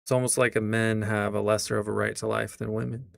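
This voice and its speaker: A male streamer reacts live with incredulous, sarcastic asides and the odd curse word. His mid-pitched voice has a gravelly fry, close and dry on the mic. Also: little pitch movement, fast talker, no room sound.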